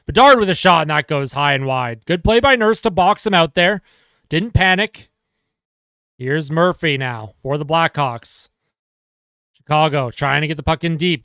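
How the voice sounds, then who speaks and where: Fan commentator, male, high voice, dry close mic; calls plays fast, exasperated and sarcastic. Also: fairly bright tone, clear, resonant tone, no echo. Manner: fast play-by-play, exasperated and sarcastic at his team. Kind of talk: live fan play-by-play commentary.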